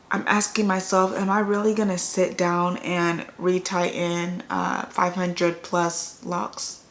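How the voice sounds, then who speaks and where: A young adult woman chatting casually on her vlog, laid-back and rambling with frequent fillers and restarts. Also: mid-range voice. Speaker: vlogger. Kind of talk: casual chat.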